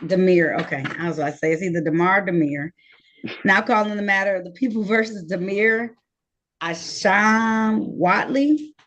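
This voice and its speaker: A woman judge presiding over virtual court proceedings on a video call, brisk and friendly, reading case numbers slowly and deliberately. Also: medium pitch, a bit bright, highs cut off.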